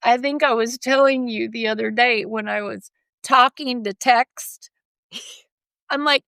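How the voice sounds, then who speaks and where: A woman co-hosting a casual podcast chat, her voice carrying a gravelly edge. She talks emphatically and breaks into laughter often, and the sound is close and dry with no room around it. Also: a little high, fairly even intonation, a little slow, a bit bright, no room sound. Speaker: podcast co-host.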